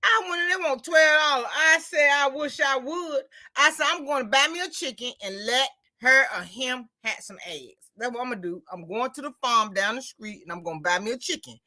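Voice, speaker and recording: A woman talks in a relaxed, chatty way, spinning everyday stories. Her voice sits high and bright. She slips into quoted dialogue as she retells what people said. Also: a little fast, few pauses. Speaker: host. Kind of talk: casual chat.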